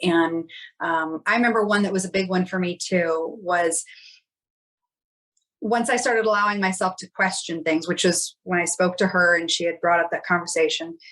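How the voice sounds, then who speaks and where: A woman's voice: fairly low pitch, steady tone, moderate pace, a bit bright, low-quality recording. A woman, a podcast guest, telling a personal story in a candid, reflective way and often acting out quoted dialogue.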